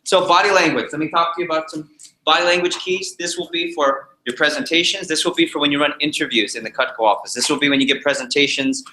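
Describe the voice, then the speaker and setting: A man teaching a live sales training session, animated and jokey, repeating his key points to the group. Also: a little high, fast talker, reverberant, slight background noise, poor audio. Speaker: sales trainer leading a workshop.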